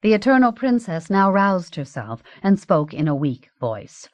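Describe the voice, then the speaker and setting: A woman narrating an audiobook in a measured, even reading. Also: mid-range voice, no echo, muffled recording.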